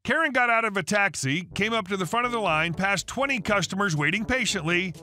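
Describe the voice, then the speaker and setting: A man narrating a scripted story in a steady, uninflected text-to-speech manner. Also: high-pitched, fairly quick. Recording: faint music underneath.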